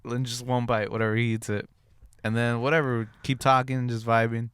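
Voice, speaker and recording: A man's voice: medium pitch, level tone, a little fast, a bit bright, smooth, no room sound. A young man co-hosting a casual podcast, telling a story in a rambling way full of fillers. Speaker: podcast co-host. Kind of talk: casual chat.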